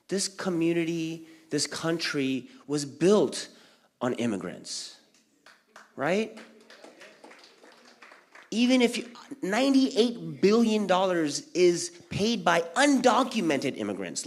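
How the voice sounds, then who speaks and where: Guy doing stand-up at a community center, lively swoopy voice, a bit high, acts out his family. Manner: animated storytelling, acting out family members, big pitch jumps. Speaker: stand-up comedian. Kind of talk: stand-up comedy set. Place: community center event hall.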